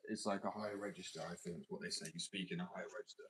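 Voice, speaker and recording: A low-voiced man talks in a loose, rambling way, swearing now and then and circling back over the same point. His voice is naturally deep and slightly mumbly. It sounds set back from a built-in mic rather than close to one. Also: steady tone, racing, few pauses. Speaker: fingerboard streamer. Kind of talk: casual live-stream chat. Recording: built-in mic, a little distant.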